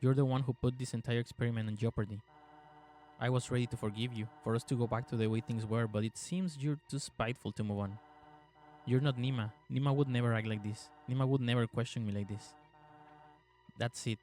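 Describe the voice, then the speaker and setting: A man voicing a cold, controlling scientist mother, speaking in a stern, calmly menacing way in a horror game. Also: medium pitch, fairly quick, close to an everyday voice. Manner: stern, clipped, menacing calm.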